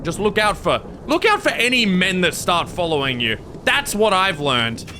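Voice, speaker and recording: A man's voice: high voice, sing-song, moderate pace, pushed and bright, a little hiss or hum. A man commenting on his gameplay in a jokey, rambling way, easily startled and prone to yelps. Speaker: gaming video creator.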